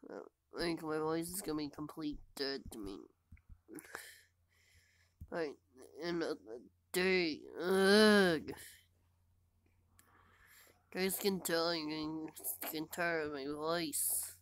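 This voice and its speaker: Sick woman with a hoarse voice, whispery and worn out, talks real slow while gaming. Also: low-pitched, a little hiss or hum. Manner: tired, strained, often drops to a whisper. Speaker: gamer. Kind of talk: casual gameplay commentary.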